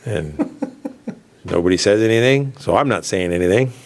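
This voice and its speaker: Laughing through his own long, meandering tale, a middle-aged southern U.S. radio host keeps things casual. His voice is lowish, creaky and somewhat dark, expressive in delivery and at normal speed.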